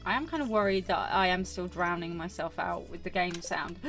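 A woman's voice: fairly low pitch, lively intonation, normal speed, a bit bright, faint music behind. A woman chatting casually while playing a farming game for her channel, rambling and scolding herself with many fillers. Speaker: gaming YouTuber. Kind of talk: casual gameplay commentary.

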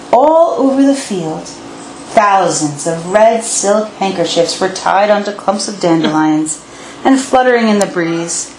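A woman reading a children's storybook aloud in a playful, expressive way, as a paranormal investigator in an old house. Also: mid-range voice, a little hiss or hum. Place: historic house interior. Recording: echoey room with faint ambience.

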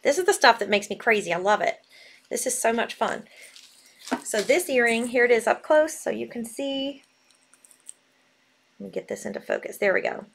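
A bubbly woman hosts a live selling stream and gushes freely. Her voice sits a touch high for a woman, bright with easy enthusiasm. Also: animated, normal speed, vocal fry, long pauses. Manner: bubbly, gushing. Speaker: live sale host.

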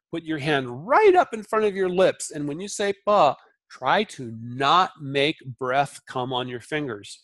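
A man teaching a recorded Sanskrit lesson, repeating syllables slowly and explaining them in a relaxed way with many fillers. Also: on the high side, no echo. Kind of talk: recorded lecture.

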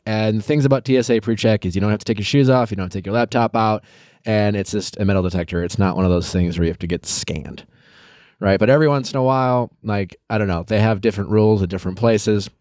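A man's voice: fairly low pitch, a little mellow, no room sound, studio quality. A man hosting a podcast, telling stories in a rambling, casual way with frequent restarts and some swearing. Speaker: podcast host. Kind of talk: casual chat.

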